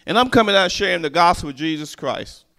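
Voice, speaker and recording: A man preaches with a fairly high voice that leaps up and down. He tells stories in a call-and-response manner and keeps drawing the congregation in with quick checks. His delivery swings from low asides to loud, climbing peaks. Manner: animated, call-and-response, storytelling. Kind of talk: sermon.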